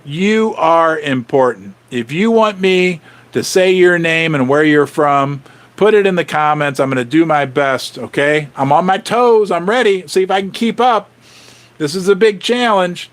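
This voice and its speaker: A middle-aged man hosting a casual livestream, excitably rattling off viewer names and shout-outs, his voice going hoarse. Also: high voice, moderate pace. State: losing his voice. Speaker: livestream host.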